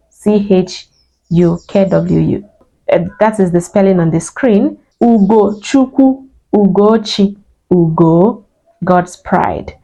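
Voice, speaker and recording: A woman teaching name meanings, saying each word slowly and repeating it with a light laugh here and there. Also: mid-range voice, dark tone, rough recording. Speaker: language teacher. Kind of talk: slow spoken lesson on name meanings.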